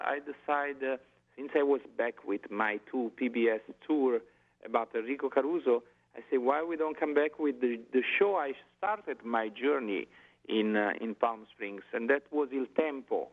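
Casting: Italian-accented male guest, gravelly, tinny phone line, halting with fillers. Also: mid-range voice. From Italy. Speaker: guest singer. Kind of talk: phone interview.

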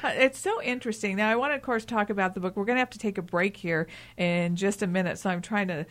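A woman's voice: medium pitch, fast talker, fairly bright tone. A woman hosting a talk show and interviewing a guest, chatty, with many restarts. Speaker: radio talk show host.

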